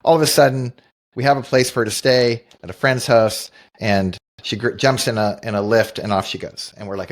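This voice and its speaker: A man's voice: medium pitch, fairly even intonation, normal speed. A middle-aged man co-hosting a podcast, telling a personal story in an earnest, reflective way and often restarting his sentences. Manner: earnest, thoughtful, with frequent restarts. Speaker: podcast co-host. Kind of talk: reflective storytelling in casual conversation.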